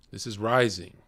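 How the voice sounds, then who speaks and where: A man hosts a livestream and rants at his chat, blunt and profane, swinging between shouting and low muttering. There's no room sound.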